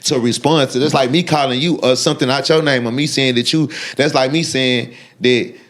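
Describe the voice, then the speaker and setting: A man talks in an unfiltered interview. He is blunt and profane, and he rambles with frequent restarts and fillers at a middle pitch. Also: fairly even intonation, fairly quick, fairly bright tone. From Texas. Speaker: guest. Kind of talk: unfiltered sit-down interview talk.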